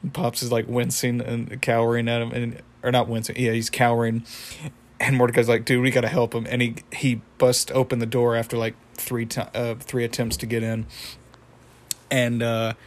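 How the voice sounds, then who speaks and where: A man casually retelling a cartoon episode, halting with many fillers and small chuckles. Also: medium pitch, monotone. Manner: halting, lots of fillers and restarts, chuckles often. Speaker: episode recapper.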